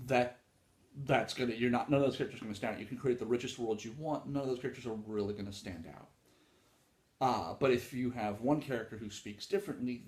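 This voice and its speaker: A man's voice: on the low side, echoey room. A man hosting a casual solo talk on writing craft, rambling and informal with frequent fillers and some swearing. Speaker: podcast host talking about writing.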